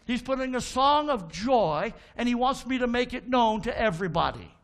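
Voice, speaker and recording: Male pastor in the pulpit, high and gravelly, fervent call-and-response preaching with folksy asides. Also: animated, moderate pace. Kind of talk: sermon. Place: church sanctuary.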